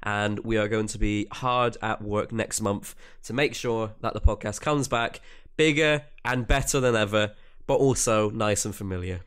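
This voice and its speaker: A man's voice: lowish voice, normal speed, clean tone. A young man co-hosting a podcast in casual chat, rambling and restarting his sentences. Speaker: podcast co-host.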